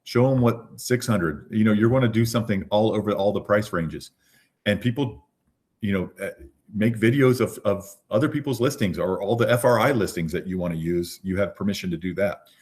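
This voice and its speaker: A man's voice: fairly low pitch, a little fast, a little mellow. A man leading an online real estate training session, talking casually and often checking in with "right?". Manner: chatty, repeats "right?".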